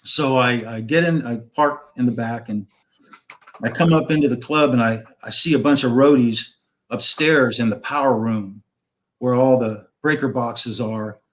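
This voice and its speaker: Speaking at a measured pace with a medium pitch and a fairly bright tone, a man in his fifties tells a long, meandering rock-and-roll story as a guest on a live stream. Swear words come easily, and he acts out what people said.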